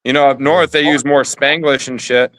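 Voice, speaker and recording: A man's voice: mid-range voice, fairly even intonation, moderate pace, a bit bright, no echo. A man co-hosting a podcast, talking bluntly and profanely in easygoing casual chat. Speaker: podcast co-host.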